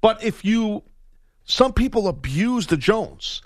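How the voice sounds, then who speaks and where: A man's voice: sits high, very animated, slow pace, no echo. A man hosting a sports radio show, joking and boasting in casual banter on a studio microphone.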